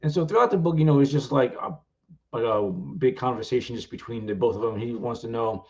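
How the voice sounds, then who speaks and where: A man's voice: medium pitch, fast, highs cut off. A man and author talking casually about his book on a live stream, rambling and filler-heavy.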